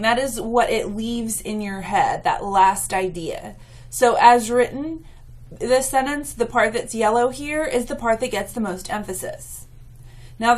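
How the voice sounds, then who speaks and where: A woman writing instructor giving a recorded lecture and patiently explaining slides to her students. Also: a little high. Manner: patient and explanatory, with some fillers.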